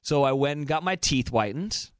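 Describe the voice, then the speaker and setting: A young man co-hosting a casual podcast, recorded close and dry with no room sound. His voice sits a little high, and he tells a story with animated, laughing energy, acting out the quotes. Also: moderate pace, clean tone, no echo. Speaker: podcast co-host.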